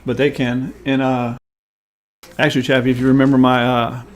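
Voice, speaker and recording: A man's voice: mid-range voice, little pitch movement, moderate pace. A man in casual chat, explaining technical things in a matter-of-fact way and swearing freely. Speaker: plugin developer for a game server.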